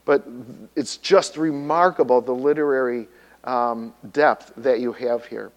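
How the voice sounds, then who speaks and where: A man's voice: medium pitch, fairly even intonation, a little slow, dull audio. A man preaching a sermon, teaching in an explanatory way and putting questions to the congregation. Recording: long hall reverb.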